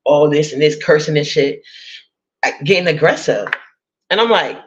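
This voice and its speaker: A woman's voice: deep voice, lively intonation, moderate pace, highs cut off. A woman chatting casually to her viewers, blunt, profane and gossipy with laughing asides. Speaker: vlogger.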